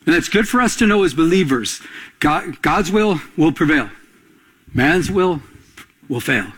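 A man's voice: fairly high pitch, animated, unhurried, fairly bright tone, husky. A man preaching a sermon as pastor, repeating key phrases and asking the congregation to answer back.

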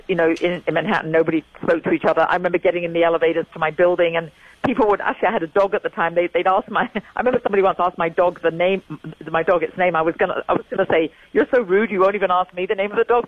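An older woman from England, a guest in an interview, telling stories with animated, emphatic repetition over a dull lo-fi line. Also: on the low side, no echo. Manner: animated storyteller, emphatic repeating. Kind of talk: phone-in interview chat.

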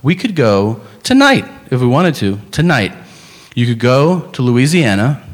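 A man doing a stand-up comedy set, profane and animated, telling stories with impressions. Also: medium pitch, a little slow. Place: comedy club stage. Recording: live club recording with crowd. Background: audience laughter.

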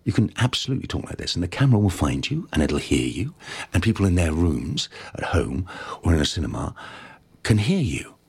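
A middle-aged actor telling stories in an interview, animated and stumbling over restarts. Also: male voice, low-pitched, normal speed, husky. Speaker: actor, guest. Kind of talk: interview anecdote.

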